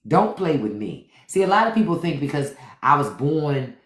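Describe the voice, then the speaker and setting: A podcast host from Washington, D.C., talking loose and profane on a livestream. His pitch swings widely as he riffs. The sound bounces around an echoey room. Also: normal speed. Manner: animated, profane riffing. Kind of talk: casual livestream chat.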